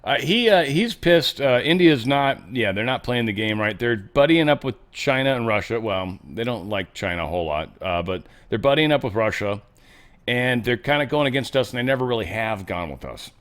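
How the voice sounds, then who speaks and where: Animated sarcastic male commentary host. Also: mid-range voice, normal speed. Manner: animated, sarcastic, swings between loud and muttered asides. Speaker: host of a political commentary show. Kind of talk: casual solo commentary.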